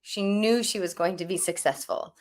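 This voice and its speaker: A woman's voice: mid-range voice, normal speed. A woman spiritual teacher giving casual, rambling advice, full of fillers and restarts. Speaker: spiritual teacher answering questions.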